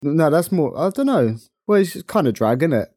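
A young man with a London accent, co-hosting a casual podcast chat, chatty and quick to laugh. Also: a little high, big pitch swings, dark tone, breathy edge, dry recording, studio quality. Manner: chatty, laughs often, playful. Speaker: podcast co-host.

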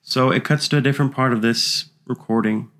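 A man's voice: mid-range voice, fairly quick. A man hosting a podcast, casually retelling a story and acting out the voices he quotes. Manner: animated, acts out quoted voices. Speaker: podcast host.

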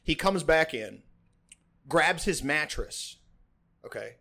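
Young male podcast host, slightly higher voice, loose profane storyteller, chatty and digressive. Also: lively intonation, slow, gravelly, bright, forceful tone. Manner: rambling and profane, heavy on "like", laughs often. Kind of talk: casual storytelling chat.

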